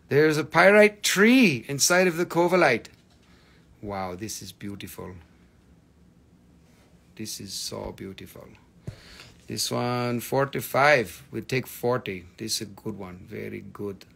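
A man's voice: mid-range voice, lively intonation, unhurried, gravelly, fairly bright tone. A man hosting a live rock and mineral sale, chatty and joking, with casual swearing. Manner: joking, profane and chatty, teasing viewers. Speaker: host selling rocks and minerals on a livestream. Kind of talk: casual live sales chat.

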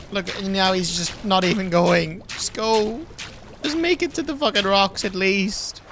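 A man's voice: high voice, a little slow, fairly bright tone, a little hiss or hum. A man giving casual let's-play commentary, exasperated and swearing as he pleads with his game character. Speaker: gaming video host.

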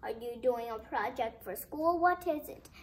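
A woman voicing an angry grown son who shouts and scolds his old father in a storybook tale. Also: on the high side, animated, moderate pace, recorded from a distance, slight background noise, natural voice. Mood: curious. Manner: loud, scolding.

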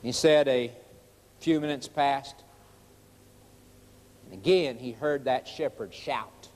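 A man's voice: medium pitch, slow pace, darkish tone. Earnest preacher man in echoing hall. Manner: earnest storytelling, pleading and emphatic. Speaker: evangelist preacher. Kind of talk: evangelistic sermon with story and prayer. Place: church hall with audience. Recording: long reverb of a large hall.

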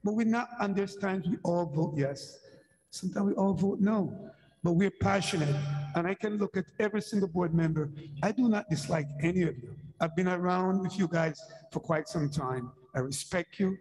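A man's voice: high voice, normal speed, darkish tone, in a large hall, rough recording. A man on a school board giving earnest, emotional remarks at a meeting, repeating his points like a sermon. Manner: earnest, emotional, preacherly repetition.

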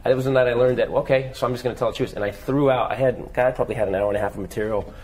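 A man in his forties, a comedian guest telling stories in an interview, animated and acting out quotes. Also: mid-range voice, a little hiss or hum, low-quality recording. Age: 40s. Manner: fast, animated, acts out quotes. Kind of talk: storytelling interview.

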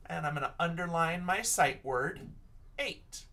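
A man's voice: fairly high pitch, lively intonation, a little slow, pushed and bright, recorded from a distance. A male teacher giving an online lesson for young children, patient and encouraging, sounding out words letter by letter.

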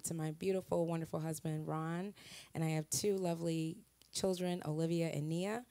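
Guest speaker: woman from Wisconsin, slightly low voice, chatty and self-mocking, laughs a lot, dry close sound. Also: dry recording. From Wisconsin, USA. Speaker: guest speaker and singer at a church. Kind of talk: chatty personal sharing to a congregation.

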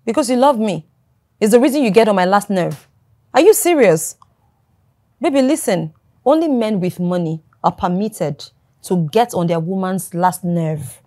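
A woman's voice: medium pitch, expressive, moderate pace, warm tone, no room sound, natural voice. An actress playing a demanding young girlfriend with a Nigerian accent who nags and bosses her jobless man. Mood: irritated. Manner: nagging, bossy.

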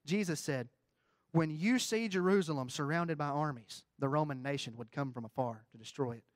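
A middle-aged man preaching a folksy sermon, swinging between quiet asides and loud, rising emphasis. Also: fairly high pitch, moderate pace, dry recording.

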